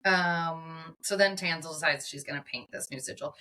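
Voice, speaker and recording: Podcast co-host, woman, lower-pitched, bright and forceful tone, animated retelling. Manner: animated, quick retellings of scenes with lots of fillers. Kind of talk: casual chat recapping a TV episode.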